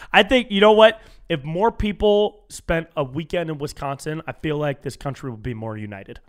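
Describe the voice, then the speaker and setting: Young man, from California, comedy podcast host, lively storytelling, higher-pitched voice. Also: normal speed, hardly any pauses, clear, resonant tone. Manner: animated storytelling, acts out quoted strangers in higher voice. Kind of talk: solo comedy podcast monologue.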